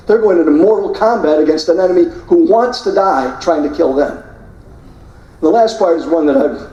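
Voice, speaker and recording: An older man giving a forceful speech, narrating combat footage and mimicking the people he quotes. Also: a little high. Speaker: guest speaker. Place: hotel banquet hall. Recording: echoey hall, voice from far off.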